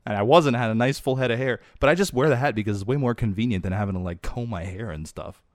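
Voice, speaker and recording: A man hosting a podcast in a casual chat, upbeat and quick to laugh. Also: mid-range voice, dry recording, clean studio sound. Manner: laughs easily, upbeat, loose phrasing. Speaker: podcast host.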